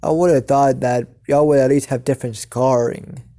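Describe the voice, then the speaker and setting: A man's voice: mid-range voice, steady tone, normal speed, warm tone, close to an everyday voice. A man voicing a smug, taunting male villain who drawls and says y'all. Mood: gloating.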